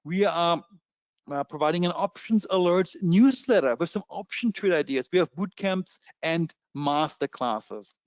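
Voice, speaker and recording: A man with a German accent giving a fast, eager sales pitch in a trading webinar, with many fillers. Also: animated, dry recording, muffled recording. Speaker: webinar presenter.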